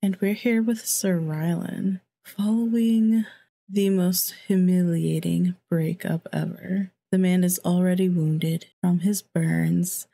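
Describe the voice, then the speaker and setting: Low, gravelly-voiced woman gaming host. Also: warm tone. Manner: chatty, exclamatory, laughs at the game; acts out characters' lines in her own voice. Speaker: let's play host. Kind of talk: casual gameplay commentary.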